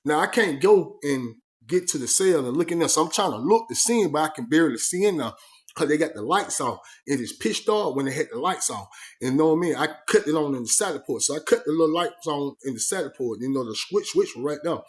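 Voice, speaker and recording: Guy telling a story, kinda high voice for a man, acts out every line and throws in sound effects, lots of "you know what i mean". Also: animated, quick pace. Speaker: vlogger recounting his prison life. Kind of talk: animated storytelling.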